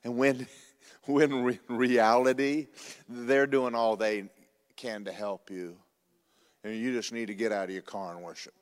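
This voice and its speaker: Folksy male pastor, animated sermon storytelling, reverberant hall. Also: mid-range voice, measured pace.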